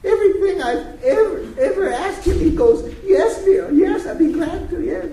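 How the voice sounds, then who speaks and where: A man doing a shrill, sobbing pregnant wife. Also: animated, moderate pace, mellow, a little hiss or hum. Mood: distraught. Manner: high falsetto, sobbing and laughing. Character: distraught pregnant young wife, weeping. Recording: echoey room, mic far off.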